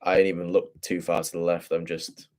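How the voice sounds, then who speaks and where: Low-voiced man breaking down charts. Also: flat delivery, a little fast, a little mellow. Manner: profane, slangy, thinking aloud. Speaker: forex trader.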